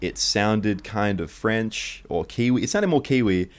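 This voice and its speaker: A man's voice: lowish voice, lively intonation, a little slow. A young man telling a true childhood story in one take, rambling and profane.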